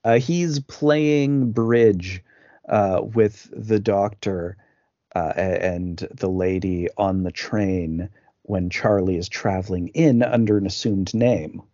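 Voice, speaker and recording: A man's voice: fairly low pitch, takes it slowly, mellow, dry recording. A man co-hosting a podcast, recapping a film in casual talk, rambling with lots of fillers and restarts. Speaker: podcast co-host. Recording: dull lo-fi dry sound.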